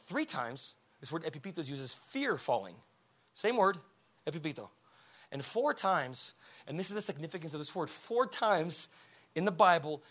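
In a church, a fiery, high-voiced male preacher addresses the congregation in loose, slangy language. He swings energetically between ringing shouts and hushed, intimate words, repeatedly asking the crowd whether they are ready.

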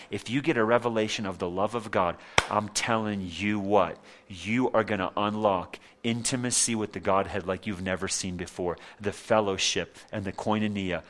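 Emphatic preaching man, low voice. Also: a bit bright. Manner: emphatic, repetitive preaching with rhetorical questions. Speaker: pastor. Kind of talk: sermon.

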